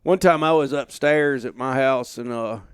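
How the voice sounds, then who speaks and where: Middle-aged guest, smooth resonant voice, dry close sound, easygoing storyteller. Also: male voice, medium pitch, normal speed, no echo. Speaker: podcast guest. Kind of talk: casual conversation. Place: home office.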